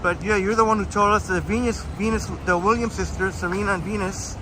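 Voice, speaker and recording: Man, high voice, casual walking live stream, chatty, answers viewer comments, outdoors downtown, phone mic, loud street traffic noise. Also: fairly even intonation, a little fast.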